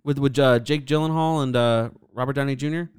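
A man's voice: medium pitch, fairly even intonation, a little fast, a little mellow, clean tone, dry recording, clean studio sound. A man co-hosting a casual podcast, rambling through stories loosely, swearing and laughing along. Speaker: podcast co-host. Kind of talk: casual chat.

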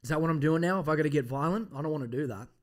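A man's voice: a little high, racing. A man hosting a casual podcast. He rambles off on tangents with a lot of swearing and mock threats. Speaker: podcast host.

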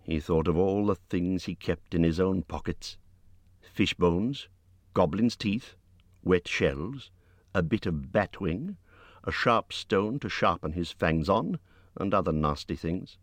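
A man narrating an audiobook in an expressive reading voice, lifting his pitch for character lines. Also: slow, no echo. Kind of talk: scripted narration.

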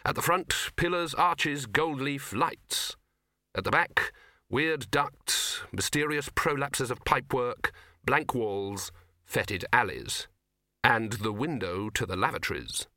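Male audiobook narrator, wry delivery, lively pitch, bright tone, dry close recording. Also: slow, no room sound. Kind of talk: scripted narration.

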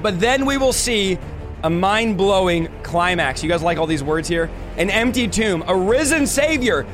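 A man with a high-pitched voice leads a Bible study with lively, dramatic energy. He talks casually and playfully to his audience as the show's host. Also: normal speed, music in the background. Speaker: podcast host and Bible teacher.

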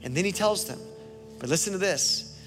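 Pastor guy preaching, high voice, big echoey hall, soft music under it. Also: expressive, normal speed. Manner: emphatic preaching, swings between loud and quiet. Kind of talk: sermon. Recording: reverberant hall with faint music.

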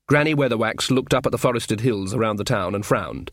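A man narrating an audiobook in an expressive, wry storytelling manner. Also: fairly low pitch, fairly quick, few pauses, no room sound, studio quality. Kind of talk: scripted narration.

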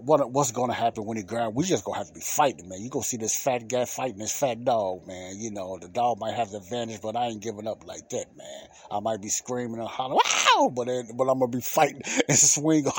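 A middle-aged man tells a story from his own life in a relaxed, colloquial monologue. His voice sits a bit low with a husky edge, and he gets animated and laughs easily as he talks. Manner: animated, laughs often, loose colloquial speech. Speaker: podcast host.

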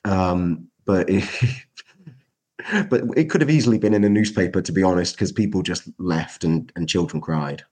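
A man chatting on a podcast, hesitant and halting, starting his sentences over and over. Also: deep voice, darkish tone. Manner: hesitant, many fillers and restarts. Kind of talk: casual chat.

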